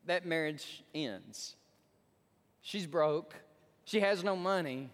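A man preaching a sermon as pastor, telling a story with animated asides and acting out the voices he quotes. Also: a little high, slow pace. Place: church sanctuary. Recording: long church hall reverb.

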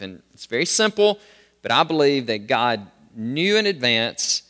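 A middle-aged man teaching a Bible doctrine lesson in a sermon style, rising sharply in pitch when he reads scripture aloud. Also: very animated, measured pace, sharp tone, big-room sound.

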